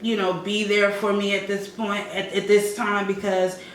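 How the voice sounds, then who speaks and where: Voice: mid-range voice, level tone, normal speed, a bit bright, slight background noise. A co-host of a discussion show who listens with many affirmations and asks thoughtful questions. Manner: attentive, frequent affirmations. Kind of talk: casual discussion. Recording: echoey room, distant from the mic.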